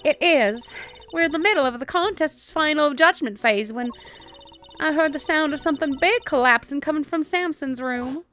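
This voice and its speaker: A woman's voice: extremely high pitch, slow, hardly any pauses, fairly bright tone, slight background noise, full character voice. A woman voicing a polite young female hostess with a refined Southern belle lilt. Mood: shaken.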